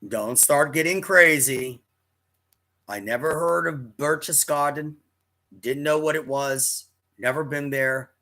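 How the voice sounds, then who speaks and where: This man in his fifties has a fairly high, bright voice with a forceful tone, and he speaks slowly. Telling a personal story to camera, he rambles casually, repeatedly starting over and fixing what he just said.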